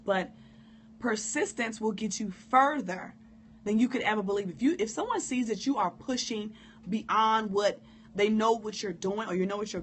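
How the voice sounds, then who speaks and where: A hoarse woman who coughs now and then, giving a candid, informal live-stream talk on prayer and speaking straight to her viewers. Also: mid-range voice. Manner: candid, informal, preacherly direct address. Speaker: motivational speaker.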